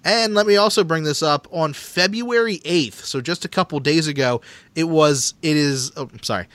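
A man's voice: on the high side, brisk, a bit bright, no echo. A man co-hosting a casual hockey podcast, upbeat and chatty with lots of fillers. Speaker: podcast co-host.

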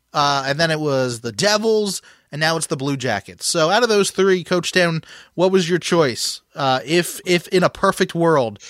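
A man's voice: a little high, a bit bright, dry recording, studio quality. A man hosting a casual sports podcast, chatting and asking his co-host questions. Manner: conversational, leads questions with restarts.

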